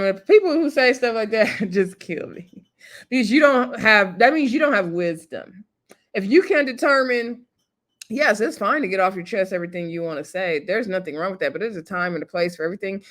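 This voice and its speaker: A woman talks through a TV episode in a loose, chatty recap. Her voice sits at an ordinary middle pitch. She is opinionated and acts out the lines people said. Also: expressive, fairly quick. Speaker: TV show recapper.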